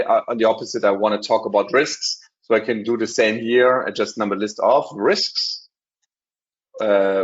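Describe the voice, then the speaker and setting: A man with a German accent giving a live software demo in a webinar, talking casually with many ums and restarts. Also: medium pitch, dull audio. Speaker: webinar presenter.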